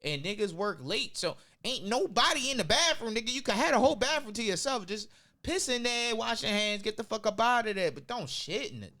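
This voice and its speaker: A man appearing as a podcast guest, joking and swearing in lively casual chat. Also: sits high, fairly quick. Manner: animated, profane, joking.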